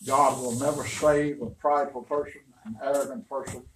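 A man's voice: medium pitch, fairly even intonation, normal speed, fairly bright tone. An older man, a pastor, preaching a storytelling sermon in a folksy, rambling, emphatic way. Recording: roomy, distant, faint noise.

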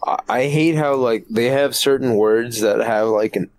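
A man's voice: medium pitch, normal speed, crowd noise. A man co-hosting a podcast, telling stories in a laid-back, casual way. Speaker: podcast co-host. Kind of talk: casual chat.

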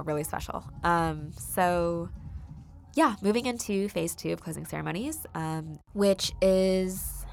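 A woman's voice: on the low side, gravelly. A young woman hosting a casual solo podcast, chatty and full of ums as she tells stories. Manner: chatty and warm, many ums, laughs while telling stories. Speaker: podcast host.

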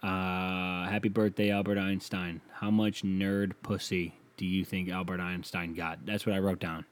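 A man's voice: sits low, little pitch movement, unhurried. A man hosting a casual solo podcast from a small home studio, talking crude and rambling and mocking himself, close on a sensitive mic. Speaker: podcast host.

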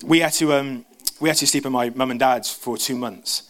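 A man preaching a sermon, talking fast with frequent restarts and stumbles. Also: medium pitch, fairly even intonation, a bit bright. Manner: fast, stumbling, self-interrupting.

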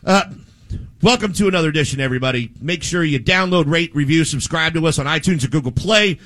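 Energetic joking male radio host. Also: on the high side, fast talker. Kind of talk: casual sports radio chat.

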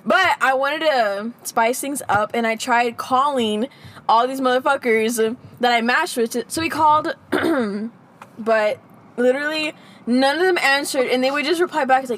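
A young woman co-hosting a podcast, casually telling lively stories and putting on playful voices. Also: sits high, brisk. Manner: animated storytelling with playful impressions. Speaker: podcast co-host. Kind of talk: casual chat.

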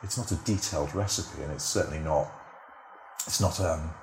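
Deep-voiced British man, roomy sound. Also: moderate pace, background noise. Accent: British English. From Britain. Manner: chatty and wry, with frequent self-interrupting restarts. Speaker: guest, TV script editor and motoring journalist. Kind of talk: casual podcast conversation. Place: at home, near a garden.

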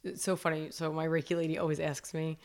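A woman's voice: low-pitched, flat delivery, quick pace, darkish tone. A woman in her thirties in casual podcast chat, telling stories and saying "like" often. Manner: chatty, storytelling, says "like" a lot.

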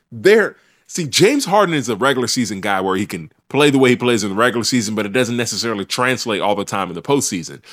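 A man's voice: medium pitch, a bit bright. A man hosting a sports podcast, arguing his picks in an opinionated, teasing way. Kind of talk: casual sports debate.

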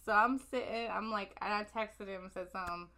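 A woman, co-hosting a podcast and telling a long, profane story in a loose, animated way. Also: mid-range voice, brisk, a crowd in the background. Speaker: podcast co-host. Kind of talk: casual storytelling chat.

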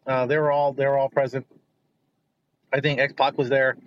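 A man's voice: medium pitch, little pitch movement, normal speed, lo-fi sound. A middle-aged man, the host's father, telling family stories in a casual, rambling way, often repeating words as he goes. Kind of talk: casual storytelling.

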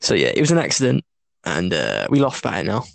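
A man's voice: deep voice, wildly swooping pitch, fast talker, vocal fry, no echo. A young man co-hosting a casual podcast, telling a story with crude jokes and lots of laughter. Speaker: podcast co-host. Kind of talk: casual chat.

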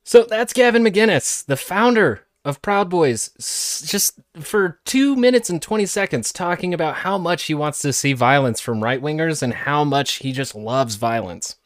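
A man's voice: fairly high pitch, lively intonation, a little slow, hardly any pauses, dry recording, studio quality. A man hosting a podcast, commenting sarcastically on played clips in a casual way. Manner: sarcastic, mocking impressions. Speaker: podcast host.

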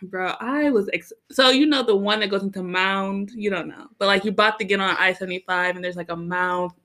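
A young woman casually telling a story, animated and laughing often as she acts out her own reactions, with lots of "like" and "bro". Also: medium pitch, fairly quick. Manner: heavy use of "like" and "bro".

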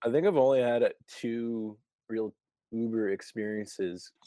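A young man with a low voice talks in a deadpan way in crude, casual podcast banter. The sound is dry and close. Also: a little slow, dry recording. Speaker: podcast co-host. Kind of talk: casual comedic chat.

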